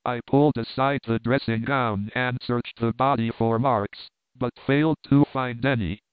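A man giving a scripted, even narration of a mystery novel as an audiobook. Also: mid-range voice, measured pace, clean tone, dry recording. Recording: dry, tinny narrow-band audio.

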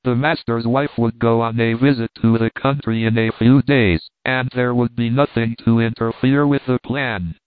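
A man reads a classic novel aloud as an audiobook narrator, measured and steady, even saying the punctuation marks. His voice is smooth and clear. It sounds dry and tinny, like it is coming over a phone line. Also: medium pitch, no room sound. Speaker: audiobook reader.

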